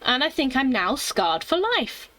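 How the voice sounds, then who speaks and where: A woman's voice: high-pitched, very animated, unhurried, pushed and bright. A young woman streamer giving playful, jokey commentary while playing a horror game. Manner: playful, jokey, reads game text aloud. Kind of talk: let's play commentary.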